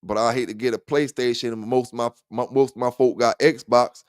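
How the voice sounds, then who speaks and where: A man's voice: mid-range voice, steady tone, fairly quick, clean tone, dry recording, clean studio sound. A man hosting a livestream dog talk show, chatting loosely with viewers in profane trash talk and laughing often. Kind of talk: casual livestream chat.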